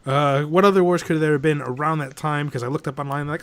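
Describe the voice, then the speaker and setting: A man in a relaxed podcast chat, ranting about a movie with big swings of pitch. His voice sits a little high for a man and leaps up when he mocks something. He talks loosely and swears freely. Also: quick pace, hardly any pauses. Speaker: podcast co-host. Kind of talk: casual movie review chat.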